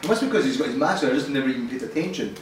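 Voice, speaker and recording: A man's voice: medium pitch, rapid-fire. A young man chatting casually with friends, rambling and hedging his words. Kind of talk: casual chat. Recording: echoey room, distant mic, noisy.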